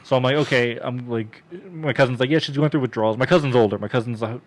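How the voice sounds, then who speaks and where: A man in a relaxed podcast chat, spinning a crude personal story full of swearing. He laughs often and slips into little impressions of the people he quotes. His voice sits at an ordinary middle pitch. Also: fast. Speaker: podcast co-host telling a story.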